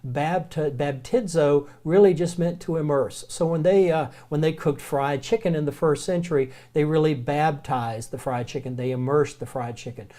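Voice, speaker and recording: This recorded lecture features a Southern American man, his voice on the high side, covering the Greek alphabet in a folksy, relaxed way. He drops his pace to spell words out.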